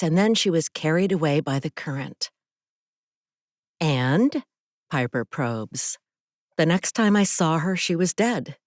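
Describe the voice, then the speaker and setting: A woman author reads her own thriller audiobook in the first person, telling it with feeling. Her voice sits low. The recording is dry and close, with no room sound. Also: no echo. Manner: emotional first-person storytelling. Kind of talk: audiobook narration.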